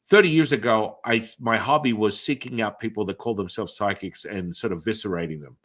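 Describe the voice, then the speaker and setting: Speaking briskly in a fairly low voice, a middle-aged podcast host who is also an energy healer spins lengthy stories in an interview. He restarts, uses fillers, and animatedly mimics how other people reacted, shifting his voice for each.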